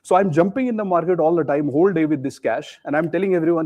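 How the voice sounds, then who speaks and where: A man's voice: on the high side, lively intonation, quick pace, few pauses, warm tone. A middle-aged man with an Indian English accent giving a live economics lecture, acting out buyer and seller haggling and quizzing his students. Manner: explains with role-played haggling dialogues, asks the class questions. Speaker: teacher.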